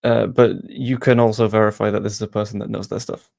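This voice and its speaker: A man hosting a football channel, chatting casually as he answers viewer questions with quick asides. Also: lowish voice, steady tone, vocal fry, a little mellow. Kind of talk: casual live-stream Q&A.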